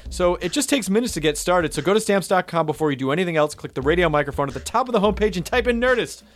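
A man's voice: high voice, expressive, rapid-fire. Chatty joking man hosting a podcast. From Southern United States. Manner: playful, jokey, chatty. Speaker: podcast host. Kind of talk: casual podcast chat with ad reads.

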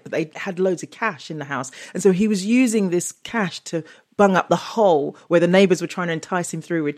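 A woman talking casually as a guest author and comedian, chatty, often laughing and restarting her sentences. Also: fairly low pitch. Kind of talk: casual interview chat.

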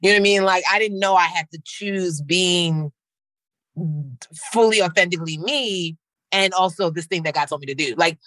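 Young woman from Nigeria, a guest with a bright, crisp voice, animated and slangy, laughing a lot. Dry, close sound. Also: normal speed, dry recording, low-quality recording. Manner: animated and slangy, laughing often, leaping up in pitch. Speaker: guest, comedian and actor. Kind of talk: casual interview chat.

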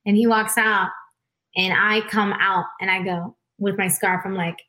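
A woman singer, a guest in a casual interview, telling stories with animated energy, lots of "like" and quick laughs. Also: mid-range voice. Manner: animated storyteller, frequent "like", laughs a lot; acts out quoted voices.

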